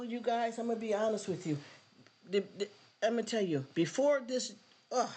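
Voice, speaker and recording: A woman's voice: medium pitch, a little mellow. A woman chatting casually to viewers on a livestream, rambling and earnest, often turning to ask if they follow her. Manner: emotional, near tears when thanking viewers.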